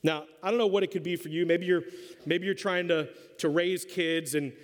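A middle-aged man preaches in a church auditorium, telling a comic family story with lively acted-out voices. His voice sits high for a man. Long reverb trails behind his words. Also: normal speed. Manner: animated storyteller acting out voices. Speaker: pastor. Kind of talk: sermon with a humorous story.

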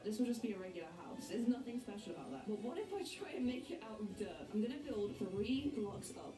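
A woman's voice: medium pitch, sing-song, brisk, echoey room, far from the mic. A woman giving casual gameplay commentary at home on her laptop, giggling, exclaiming and poking fun at herself. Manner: giggly, exclaiming, self-mocking. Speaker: gaming YouTuber.

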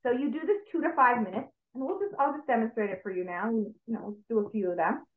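A woman stress coach calmly guiding listeners through a breathing exercise step by step on a video call. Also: fairly high pitch, fast talker. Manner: calm, step-by-step instructive. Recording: tinny call audio in an echoey room.

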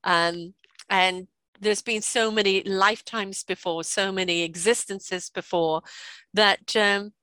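A British woman in her sixties telling stories in a chatty, lively way, often laughing and checking in with "right?". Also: mid-range voice, slow pace, clean tone, no echo. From Britain. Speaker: guest. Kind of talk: casual storytelling conversation.

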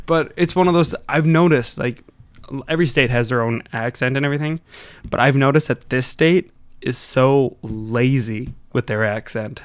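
A man's voice: mid-range voice, moderate pace, clear, resonant tone, no room sound. A man with a Wisconsin accent chatting casually on a podcast. He rambles, and his speech is loose and a little slurred. The sound is dry and close.

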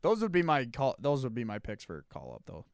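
Talking fairly quickly in a gravelly voice of ordinary middle pitch, a laid-back man goes over his picks in casual chat and laughs a lot. He's recorded close to the mic, dry and without any room sound.

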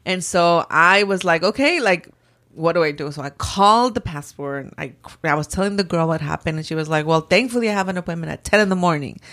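A woman in casual chat, telling a story in an animated way and acting out the people she quotes. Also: on the low side, a little fast.

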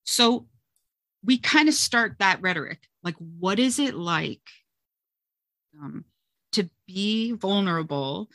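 A woman's voice: mid-range voice, expressive, slow, long pauses, a bit bright, dry recording, clean studio sound. A woman who teaches music, chatting as an interview guest and telling stories expressively, often saying "you know" and "like". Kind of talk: conversational interview talk.

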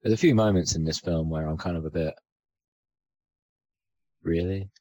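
Male podcast co-host, low voice, loose and rambling, lots of ums. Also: quick pace, mellow, no room sound, rough recording. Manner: rambling, hesitant, many fillers and restarts. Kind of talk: casual film discussion.

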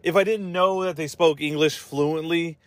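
A man's voice: a little high, fairly even intonation, moderate pace, no echo. A man hosting a podcast who chats casually about movies, rambling and swearing with lots of fillers. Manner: rambling, profane, full of fillers and asides. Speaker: podcast host. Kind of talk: casual movie-review chat.

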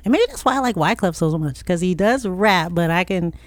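A woman's voice: on the low side, lively intonation, brisk, no room sound. A woman chatting casually and enthusiastically about the music she loves. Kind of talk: casual chat.

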